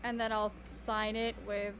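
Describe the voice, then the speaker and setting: A woman's voice: high-pitched, a bit bright, slight background noise. A woman streamer chatting casually while she draws, self-mocking and full of trailing restarts. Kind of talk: casual live-stream chat while drawing.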